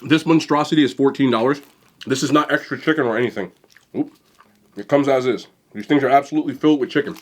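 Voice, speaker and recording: A young man hosts a casual food vlog, talking fast and excitedly to the camera between bites. His voice is a little husky, pitched in the middle range. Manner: fast, excited talk to camera while eating. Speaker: food vlogger.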